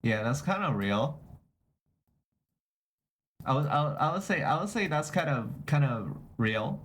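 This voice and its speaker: Young male streamer, higher voice with lively swings, loose rambling chat, doubles back on phrases. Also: unhurried, a little hiss or hum. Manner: rambling, repeats and restarts phrases; reacts to chat messages aloud. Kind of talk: casual livestream chat.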